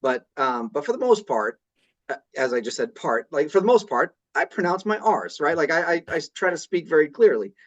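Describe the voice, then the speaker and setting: A man's voice: fairly high pitch, sing-song, moderate pace, muffled recording. A man from the Boston area talking casually on a podcast, often repeating words as he starts his sentences. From Boston area, USA.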